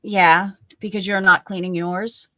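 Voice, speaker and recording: A woman's voice: mid-range voice, little pitch movement, a little slow, sharp tone, dry recording. A woman co-hosting a casual crafting livestream, chatting and reading out viewer comments. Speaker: crafting co-host.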